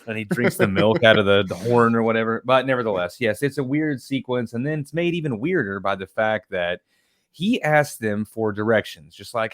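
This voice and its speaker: A man co-hosting a casual film talk podcast, rambling and profane, his voice often trailing off quietly. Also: lowish voice, a little fast, no room sound, clean studio sound. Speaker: podcast co-host.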